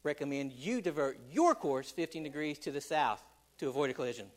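A man playing a calm Canadian lighthouse keeper who answers in a low-key, dry way. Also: a little fast, close to an everyday voice.

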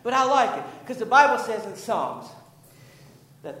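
A male pastor preaching a sermon, building to emphatic, drawn-out declarations. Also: very high voice, very animated, bright, forceful tone, echoey room, a little hiss or hum, rough recording. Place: church sanctuary.

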